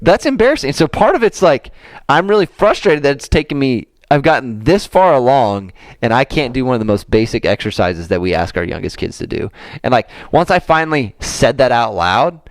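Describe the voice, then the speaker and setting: A man co-hosting a casual podcast, telling a story with animated swings as he acts out his own frustration. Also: medium pitch, a little fast, no room sound. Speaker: golf coach and podcast co-host.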